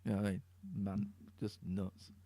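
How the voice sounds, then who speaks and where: A man's voice: on the low side, level tone, normal speed, gravelly, warm tone, no echo. East midlands guy chatting on his podcast, swears a lot, laughs a lot, dry mic. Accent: East Midlands English. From Middle England. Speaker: podcast host. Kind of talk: casual chat.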